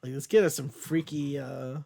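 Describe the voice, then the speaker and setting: A man's voice: moderate pace, creaky. Casual young man reviewing comics. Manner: casual, laughs often, reads quotes in a low flat voice. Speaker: comic book podcast host. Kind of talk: casual chat, reading comic lines aloud.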